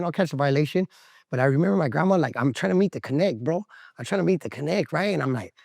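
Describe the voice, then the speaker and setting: Gravelly-voiced man telling his story. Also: on the high side, expressive, fast, darkish tone, dry recording, studio quality. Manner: slangy, emotional, swears often, acts out voices. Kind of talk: candid storytelling to camera. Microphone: camera interview setup.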